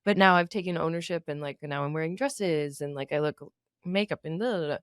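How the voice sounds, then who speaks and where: Her deep voice is clear and resonant, moving a little fast, captured in a dry, clean studio recording. She's a podcast co-host in her thirties, chatting casually, laughing frequently, and imitating coworkers with funny voices.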